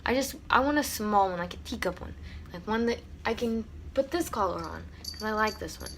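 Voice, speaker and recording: A woman's voice: mid-range voice, expressive, fairly quick, fairly bright tone, a little hiss or hum. A teenage girl vlogging to camera from her room, rambling with lots of fillers and close to tears. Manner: rambling, tearful, many "like" fillers. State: on the verge of tears. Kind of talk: casual storytime vlog.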